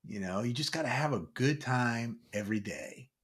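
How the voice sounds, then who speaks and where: A man's voice: mid-range voice, normal speed, a bit bright. A man co-hosting a casual talk, making emphatic points and often asking "right?" to check in. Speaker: podcast co-host. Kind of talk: casual conversation.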